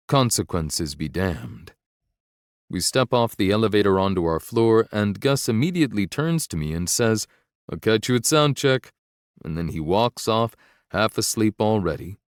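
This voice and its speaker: A man's voice: lowish voice, no room sound, studio quality. A man narrating a romance audiobook in the first person, intense and brooding.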